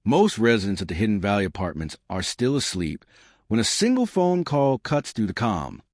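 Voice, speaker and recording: A lower-pitched man narrates a true crime documentary from a script, building suspense with a dramatic delivery. His voice rises and falls with lively intonation, and the recording sounds dry and close, with no room around it. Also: moderate pace, no echo.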